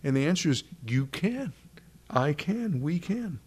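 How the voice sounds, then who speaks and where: A man's voice: on the high side, sing-song, a little mellow, breathy edge. Earnest preacher man, evening sermon. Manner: earnest, measured, drawn-out emphasis with repeated phrases. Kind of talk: sermon with closing prayer. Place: small evening church gathering.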